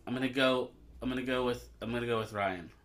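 A man's voice: mid-range voice, steady tone, fast talker, a crowd in the background. A man co-hosting a podcast, talking casually and hesitantly as he thinks aloud. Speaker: podcast co-host. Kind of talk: casual chat.

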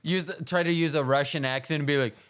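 A man's voice: fairly high pitch, quick pace, clean tone. A man hosting a podcast, teasing his guests in casual chat. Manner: joking, deadpan teasing. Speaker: podcast host.

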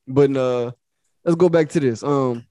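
A young podcast co-host tells a profane story in a casual way, acting out both sides of it. His medium-pitched voice is warm and measured, with no echo.

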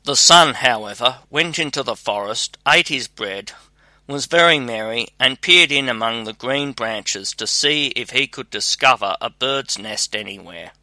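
A man reads a fairy tale in an even, measured way. His voice is very bright and close, recorded dry with no room sound. He keeps an unhurried pace. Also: mid-range voice, no room sound. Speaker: narrator. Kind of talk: scripted storybook narration.

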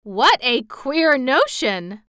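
A woman reading aloud and voicing a grand, gracious male fox king in a storybook, with a courtly, flattering manner. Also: high voice, extremely slow, smooth, no echo, clean studio sound, voice pushed up, heavily acted. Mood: amused.

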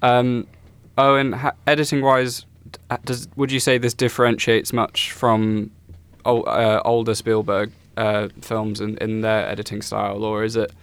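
A man's voice: fairly low pitch, flat delivery, normal speed, hardly any pauses, clean tone. A man co-hosting a film podcast, asking questions while searching for his words. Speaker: podcast co-host. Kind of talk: casual film discussion.

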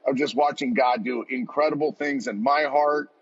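A man's voice: mid-range voice, normal speed, husky. A man in his forties, a podcast guest, telling a heartfelt personal story in an earnest, rambling way with many restarts. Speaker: podcast guest, football coach. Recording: dull lo-fi audio.

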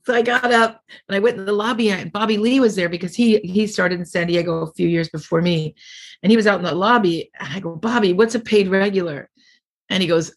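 A woman's voice: medium pitch, fairly quick, breathy edge. A middle-aged woman comedian being interviewed, telling rambling anecdotes and acting out the people she quotes. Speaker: comedian guest. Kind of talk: casual storytelling interview.

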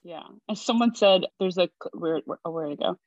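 A young woman co-hosting a casual podcast, agreeable and quick to react. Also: on the low side, no echo. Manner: lively, agreeable, reads tweets aloud. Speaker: podcast co-host. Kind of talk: casual chat. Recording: dry, dull lo-fi sound.

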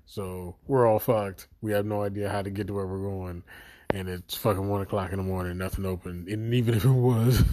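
A man's voice: fairly low pitch, steady tone, a little fast, warm tone. A man giving an exasperated, profanity-laden video review of a series he thinks let him down. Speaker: show reviewer.

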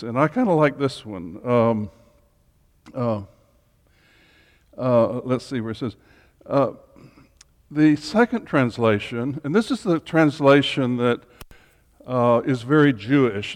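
Slow, chatty man in a reverberant hall. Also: mid-range voice. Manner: chatty, with humorous asides. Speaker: Bible study leader. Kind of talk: informal teaching talk to a group.

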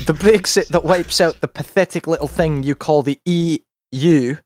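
British guy on a stream, kinda high voice, laughs a lot reading chat. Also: lively intonation, slow pace, a little mellow. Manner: laughs often, reads chat aloud. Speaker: livestream host. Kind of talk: casual stream chat and comic rant reading.

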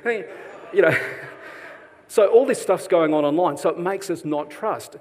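A man's voice: sits high, unhurried, a little mellow. A middle-aged man with an Australian accent preaching a sermon in a chatty, self-deprecating way, joking with the congregation. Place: church hall. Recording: long hall reverb.

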